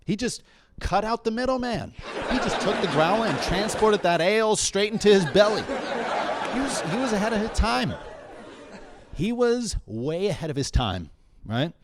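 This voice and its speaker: A young male comedian working through a stand-up set with a slightly high voice. His delivery is loose and chatty, and he keeps tossing in "right?" and "you know?" to pull the room along. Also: sing-song, normal speed, heavy background noise. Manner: conversational, keeps checking in with the crowd. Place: stage of a local comedy bar.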